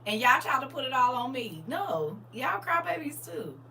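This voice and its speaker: A woman with a high, sharply bright voice chats through a casual livestream, reading viewer comments aloud. She is animated and colloquial, laughs often, and speaks straight to her viewers with church-style encouragement. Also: moderate pace, creaky, a little hiss or hum. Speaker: livestream host.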